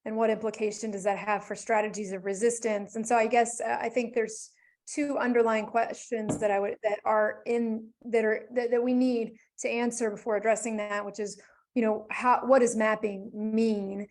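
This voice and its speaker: A woman's voice: a little high, flat delivery, moderate pace, darkish tone. A woman speaking as a researcher on a webinar panel, thinking aloud and often restarting her phrases, talking over a video call. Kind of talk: academic panel discussion.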